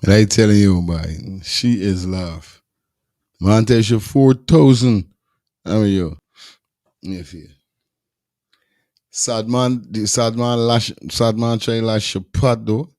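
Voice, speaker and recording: A man's voice: lowish voice, fairly even intonation, slow, long pauses, darkish tone, dry recording, studio quality. Laid-back man hosting a show. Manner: slangy, laid-back, Caribbean Creole phrasing. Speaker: show host. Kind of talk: casual commentary.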